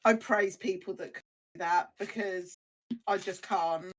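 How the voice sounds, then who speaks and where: A young woman on a casual podcast chat, telling animated anecdotes and acting out the other voices in them. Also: mid-range voice, measured pace. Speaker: podcast co-host.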